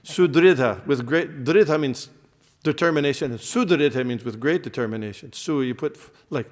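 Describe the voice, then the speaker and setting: A man's voice: mid-range voice, moderate pace. Man teaching a devotional class in a reverberant hall. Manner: explains terms, quizzes the audience, frequent fillers and restarts.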